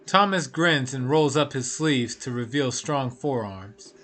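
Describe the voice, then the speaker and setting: A man's voice: mid-range voice, unhurried, a bit bright, faint music behind. A man streaming a story game, reading the narration aloud with offhand asides.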